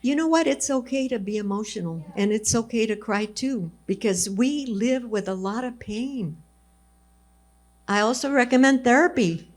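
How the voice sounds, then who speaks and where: A woman's voice: fairly high pitch, lively intonation, normal speed. Woman, 70s, from Texas. Earnest, encouraging storyteller at a fireside chat. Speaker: alumna guest speaker.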